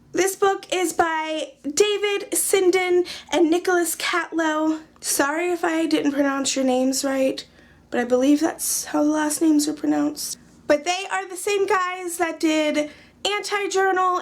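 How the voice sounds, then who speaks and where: A young woman casually chatting through her journal pages in a vlog, joking at herself with dry sarcasm. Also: sits high. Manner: chatty, self-mocking, sarcastic jokes. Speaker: craft journaling vlogger. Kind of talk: casual chat.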